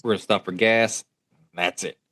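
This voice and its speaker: A man's voice: lowish voice, fairly even intonation, normal speed, bright, forceful tone. A man in his thirties from West Virginia, telling a road trip story in casual podcast chat, laughing and restarting as he goes. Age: 30s. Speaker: podcast co-host.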